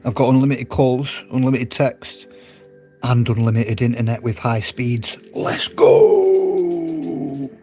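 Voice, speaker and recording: A man's voice: medium pitch, level tone, normal speed, dark tone. Man, casual live-stream chat, laughs a lot, phone mic, faint music behind. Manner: chatty and laughing, talks straight to viewers in the chat.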